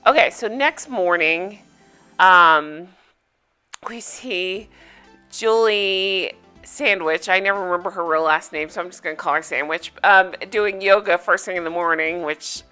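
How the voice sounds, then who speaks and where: A bright, forceful-toned woman chats her way through a casual recap of a reality show. She rambles enthusiastically, full of fillers and asides, with soft music faintly in the background. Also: lowish voice, unhurried, clean tone. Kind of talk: casual solo recap chat.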